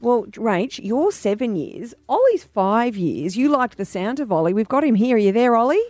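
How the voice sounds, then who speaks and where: A woman's voice: on the high side, sing-song, moderate pace, a little mellow, dry recording. An Australian woman hosting a radio show, chatting casually and giggling as she promotes an event. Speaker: radio host. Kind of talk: casual breakfast radio chat.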